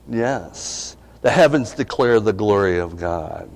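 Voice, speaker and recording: A man's voice: on the low side, lively intonation, slow pace. A middle-aged male pastor preaching a sermon, conversational and asking his congregation questions. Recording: long reverb of a hall.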